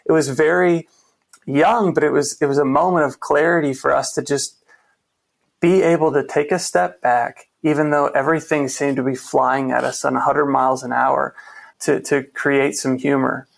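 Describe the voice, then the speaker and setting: A man's voice: medium pitch, steady tone, moderate pace, vocal fry. A man guest in a conversation, telling a personal story in an earnest, reflective way, often restarting his sentences. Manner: earnest, reflective, with frequent restarts and quoted dialogue. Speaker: interview guest.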